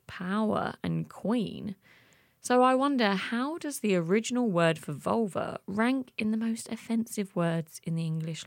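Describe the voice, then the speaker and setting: A woman with a lowish voice hosts a podcast, reading scripted narration expressively. Soft music sits faintly under her words. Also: no echo, clean studio sound. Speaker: podcast host.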